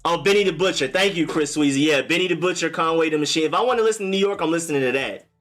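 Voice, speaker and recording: A young man hosting a casual live stream, chatting in a relaxed way and answering viewer comments. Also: on the high side, racing, faint music behind.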